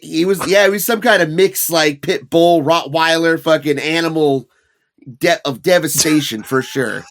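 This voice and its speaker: A fairly high-pitched man in his thirties spins a rambling yarn as a podcast co-host. His storytelling is casual, animated and full of swearing. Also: normal speed.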